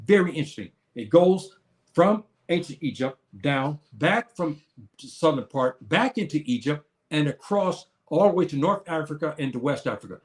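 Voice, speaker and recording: Here a man with a slightly high, expressive voice teaches over a live stream. He speaks haltingly, restarting often as he reads and replies to comments from his viewers.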